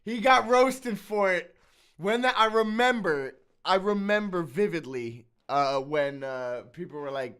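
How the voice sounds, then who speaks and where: Male reaction host, fairly high voice, relaxed and halting delivery. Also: smooth. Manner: easygoing, trails off with fillers. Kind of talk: casual reaction commentary.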